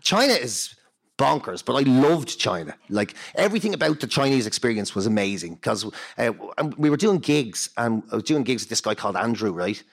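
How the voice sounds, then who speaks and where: A man's voice: medium pitch, a little fast. A man with a Dublin accent, a comedian telling tour stories in casual chat, laughing often. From Ireland. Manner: animated anecdotes, laughs often, acts out voices in quotes. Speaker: stand-up comedian guest.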